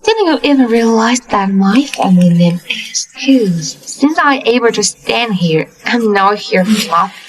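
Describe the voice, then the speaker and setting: A composed, quietly defiant young heiress, slow and high. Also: female voice, lively intonation, low-quality recording. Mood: firm. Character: composed young woman, a wronged ex-wife who is an heiress. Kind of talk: English dub of a drama.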